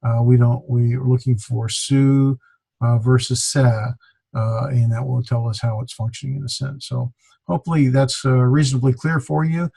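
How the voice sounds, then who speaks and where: Gravelly man teaching a lecture. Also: mid-range voice, normal speed, poor audio. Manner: steady explaining with many "uh" fillers. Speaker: Greek teacher. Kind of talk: classroom lecture.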